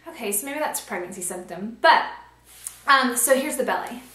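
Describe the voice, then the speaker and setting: A woman's voice: high-pitched, expressive, a little fast, fairly bright tone, reverberant. A pregnant woman chatting casually in a vlog, filling her talk with ums and little laughs, filmed on a camcorder in a small nursery room at home. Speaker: pregnancy vlogger. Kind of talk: casual chat. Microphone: handheld camcorder.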